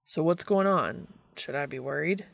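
A woman voicing a teasing, affectionate young man as she reads a story aloud, gently wry. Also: low-pitched, moderate pace, creaky, no echo, studio quality. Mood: concerned. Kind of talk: audiobook fiction reading.

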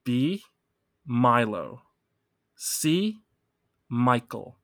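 A man's voice: mid-range voice, very animated, very slow, dry recording. Teasing quizmaster man, dry close sound. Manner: teasing, laughs often. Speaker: podcast co-host and quizmaster. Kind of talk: casual quiz chat.

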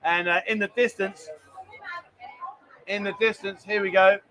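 A man with a rather high voice hosts a casual live stream from a busy bar. He chats loosely, cracks jokes and reads out viewers' messages. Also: fairly even intonation, a little slow, pushed and bright.

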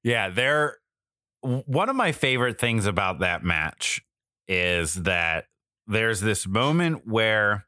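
A man co-hosting a podcast in casual chat, explaining things in a relaxed, conversational way. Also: fairly low pitch, takes it slowly, no room sound, clean studio sound. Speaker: podcast co-host.

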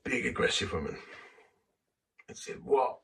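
Gravelly husky man telling a story. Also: on the low side, steady tone, normal speed, fairly bright tone, far from the mic. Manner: anecdotal, self-deprecating, acts out quotes. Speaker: vicar. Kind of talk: sermon storytelling.

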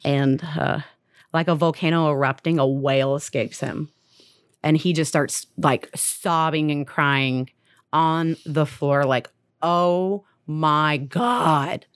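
A woman's voice: low voice, steady tone, slow, smooth, dry recording, clean studio sound. A young woman casually retelling a story on a podcast, full of "like" and acted-out quotes.

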